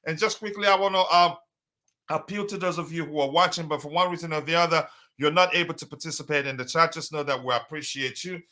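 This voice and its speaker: A man's voice: fairly high pitch, quick pace, pushed and bright. A man hosting a casual live stream, talking loosely with many fillers and reading out viewers' messages. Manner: hesitant, many fillers, reads chat aloud.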